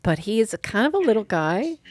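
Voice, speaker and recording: A man's voice: high voice, very animated, fairly quick. A man co-hosting a casual chat about a show, rambling and often restarting his sentences. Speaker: co-host.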